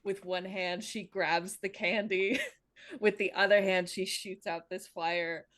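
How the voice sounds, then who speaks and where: A woman's voice: mid-range voice, steady tone, slow, fairly bright tone. A woman playing in a tabletop game, describing her character's actions while giggling.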